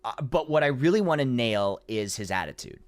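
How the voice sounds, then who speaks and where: A man's voice: medium pitch, expressive, a little fast, no room sound. A man, a voice actor, telling a long story in a casual podcast chat, rambling with many restarts.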